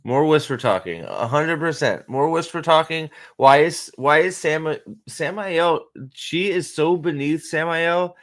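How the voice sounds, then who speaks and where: A man's voice: fairly high pitch, measured pace, few pauses, a bit bright. A man hosting a casual reaction commentary, rambling, profane and sarcastic, with frequent restarts. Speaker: host.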